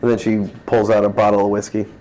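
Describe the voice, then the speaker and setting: A man's voice: fairly low pitch, level tone, fast, background noise. A man playing a tabletop game, talking in a casual, bantering way. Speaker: player.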